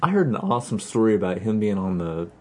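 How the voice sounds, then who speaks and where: A man's voice: lowish voice, animated, quick pace, slight background noise. A man hosting a casual podcast chat, laid-back and wry as he tells stories. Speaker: podcast host.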